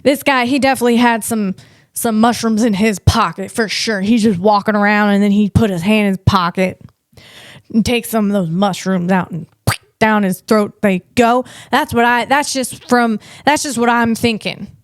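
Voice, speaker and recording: A woman podcast host and comedian telling rambling, playful stories about family outings in a casual chat, gushing and animated and full of "man" and "you know". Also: mid-range voice, moderate pace, dry recording, clean studio sound. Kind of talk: casual comic storytelling.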